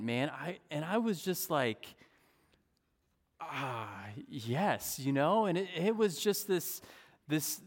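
A man in his thirties preaching a sermon, speaking earnestly and often repeating and restarting his words. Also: a little high. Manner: slow, earnest, with repetitions and restarts. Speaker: pastor. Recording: long reverb of a large hall.

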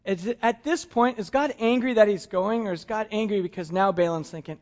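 A man's voice: high voice, fairly quick, a little mellow, dull audio. A man preaching a sermon in a conversational, humorous way, chuckling often. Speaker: pastor.

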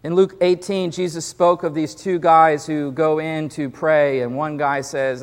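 A man's voice: a little high, flat delivery, a little slow, hardly any pauses, long reverb tail. A male pastor preaching a sermon in a casual, conversational way, often repeating words as he builds his points.

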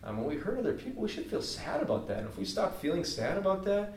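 High-voiced and quick, this man swings his pitch hugely as he gives a casual, earnest sermon loaded with fillers, like everyday conversation. There's a little hiss or hum, and the echoey room and far-off mic are obvious.

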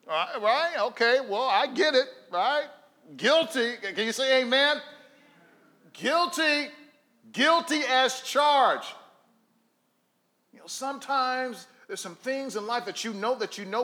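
A man preaching a sermon as pastor, telling stories and swinging between hushed, low passages and emphatic calls to the congregation.

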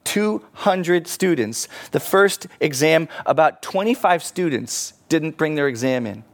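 A pastor preaching to his congregation, telling a story in a lively, animated way and speaking to listeners directly. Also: on the high side, measured pace. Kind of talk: sermon.

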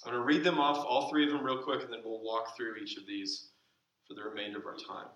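Male pastor, sermon, bright voice, slow emphatic phrasing, roomy church, distant mic. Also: medium pitch. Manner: slow deliberate emphasis, dropping to soft asides. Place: church sanctuary.

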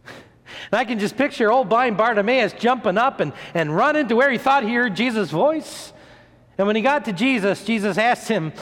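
Male preacher, high lively voice, storytelling sermon, long hall reverb. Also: moderate pace. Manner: animated, acts out quoted voices, stumbles and repeats words. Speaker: pastor.

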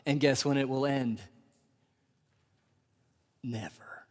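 A male pastor in his thirties delivers a live sermon, his fairly high voice ringing through a large hall with a long echo. He builds to loud, soaring peaks, then drops to slow, hushed near-whispers. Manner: swings from loud, rising emphasis to hushed, drawn-out whispers.

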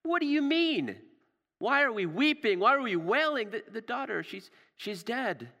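A man voicing a frantic mourner in a wailing crowd, who asks shrill, disbelieving questions. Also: very animated, moderate pace, pushed and bright, full character voice. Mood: incredulous distress.

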